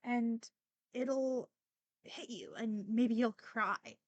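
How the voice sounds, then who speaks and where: A woman's voice: fairly high pitch, steady tone, drawn-out words, no room sound, highs cut off. A young woman hosting a podcast, talking casually and emotionally with many fillers and restarts, near tears at times. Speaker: podcast host. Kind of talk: casual personal monologue.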